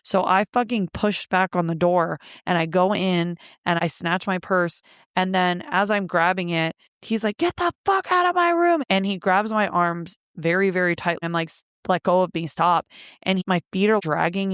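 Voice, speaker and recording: A woman's voice: lowish voice, clean tone, no echo, studio quality. A woman, an interview guest, bluntly retelling a painful personal story with frequent profanity.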